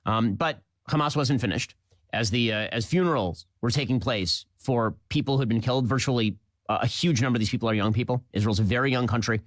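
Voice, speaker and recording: A man hosting a political commentary show, delivering a rapid, emphatic, indignant monologue with repeated phrases. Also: mid-range voice, dry recording.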